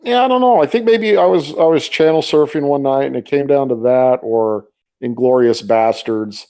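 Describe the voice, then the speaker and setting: A man co-hosting a casual podcast, answering with wry deadpan jokes. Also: medium pitch, moderate pace, clear, resonant tone. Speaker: podcast co-host. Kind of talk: casual chat.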